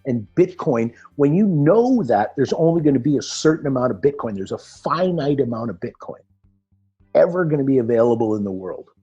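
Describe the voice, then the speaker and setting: A man's voice: mid-range voice, sing-song, brisk, mellow, slightly rough. A man explaining things in a casual chat, telling anecdotes with many restarts. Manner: storytelling, acts out quoted characters, frequent restarts. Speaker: guest explaining Bitcoin mining. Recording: dull lo-fi audio with faint music.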